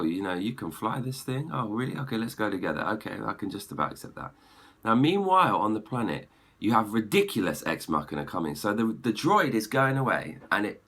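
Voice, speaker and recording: A man giving an exasperated, opinionated film review rant, clearing his throat often. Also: low voice, fairly bright tone. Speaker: movie reviewer.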